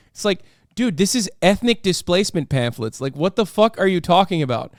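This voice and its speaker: A man's voice: sits high, sing-song, a little fast, dry recording, clean studio sound. A man hosting a stream, giving casual political commentary in a heated, profane way. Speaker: streamer host.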